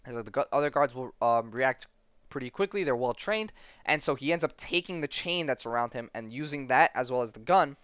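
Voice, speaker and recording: A man's voice: medium pitch, expressive, fairly quick, a bit bright, smooth, no room sound, muffled recording. A man hosting a podcast, casually recapping a comic book in a rambling way, full of fillers and asides. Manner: rambling, heavy on fillers and "right?". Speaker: podcast host.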